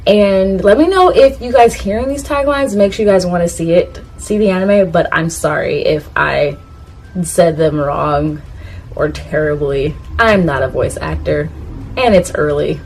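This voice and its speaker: A woman's voice: medium pitch, a little mellow, low-quality recording. A woman vlogging to camera in a casual, rambling way, laughing at herself and talking straight to her viewers. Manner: talks straight to her viewers, asks them to comment. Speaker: YouTuber ranking anime catchphrases.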